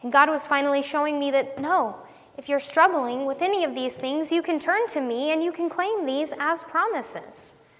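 A woman ministry teacher, high-pitched and fairly bright, speaks at a moderate pace through an earnest devotional sermon. She keeps a conversational tone and asks her listeners questions, and a long hall reverb trails her words.

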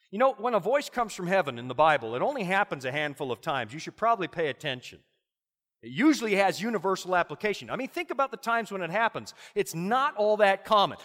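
A man's voice: high-pitched, a bit bright, in a large hall. A man preaching a sermon, telling the story dramatically and addressing the listeners directly.

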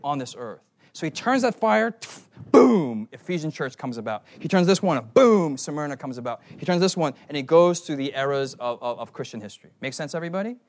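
A man preaching a sermon, telling stories in an animated way and putting questions to the congregation. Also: fairly high pitch, a little fast. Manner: animated storytelling, asks the crowd questions.

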